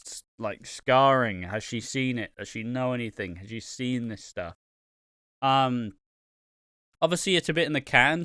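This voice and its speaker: This man hosts a casual podcast conversation about a soap opera, wandering off track, saying "um" and "like" constantly and swearing now and then. He has a medium-pitched voice that's a bit bright, clear and resonant, captured as clean studio sound without any room sound.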